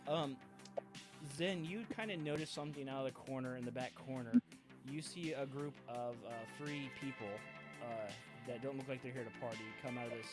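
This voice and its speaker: A man narrating a tabletop game as game master, stopping and restarting his sentences often. His voice sits at an ordinary middle pitch. Synth music plays clearly behind him. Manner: halting, many fillers and restarts.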